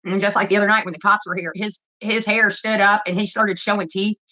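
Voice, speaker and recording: A woman's voice: mid-range voice, steady tone, a little fast, sharp tone. A woman, ranting casually to her viewers in a blunt, profane, rambling way. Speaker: vlogger. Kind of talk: casual rant to camera. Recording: dull lo-fi phone audio.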